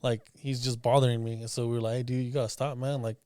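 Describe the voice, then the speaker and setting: A man's voice: mid-range voice, little pitch movement, dark tone, a little hiss or hum. A man, a former bouncer, telling stories in casual podcast chat, full of slang and swearing. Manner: fast, slangy, swears, says bro.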